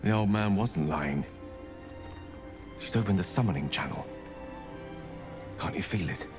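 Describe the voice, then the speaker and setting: A man's voice: low voice, lively intonation, unhurried, music in the background. An actor playing a witty, self-mocking male wizard in a video game, talking in a wry, chatty way. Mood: awed. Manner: wry, talkative, self-deprecating.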